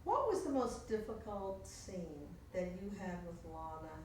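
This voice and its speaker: A woman interviewer gently prompting her guest with questions. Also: medium pitch, very animated, a little slow, recorded from a distance, background noise. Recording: echoey room, off-mic.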